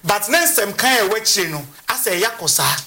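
A lawyer explaining legal process on a talk show, halting and repeating words as they go. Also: mid-range voice, expressive, pushed and bright, a little hiss or hum. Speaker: lawyer guest.

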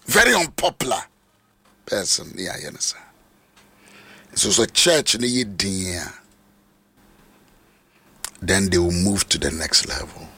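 A man preaching, switching between Twi and English, with sudden shouts and hammering repetitions. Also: deep voice, animated, measured pace, pauses often, breathy edge. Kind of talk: sermon.

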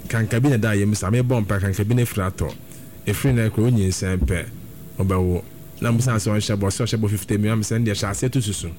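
A man's voice: fairly low pitch, steady tone, quick pace, darkish tone, slight background noise. A man preaching a sermon, repeating phrases and trading short responses. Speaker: pastor.

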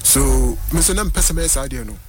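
A man's voice: mid-range voice, lively intonation, fast. A man telling a personal story on a radio phone-in, switching between languages and often saying "yes, please". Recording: radio broadcast with music behind. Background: music.

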